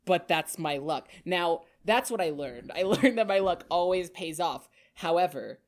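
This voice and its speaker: Lowish-voiced young woman telling a story. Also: lively intonation, measured pace. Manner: storytelling, stammers when retelling nervous moments. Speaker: podcast co-host. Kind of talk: casual chat.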